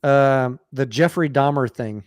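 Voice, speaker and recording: A man's voice: mid-range voice, unhurried, smooth, no echo, studio quality. Blunt, chatty man hosting a late-night stream. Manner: blunt, chatty, swears casually. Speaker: stock talk show host. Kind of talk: casual late-night live stream chat.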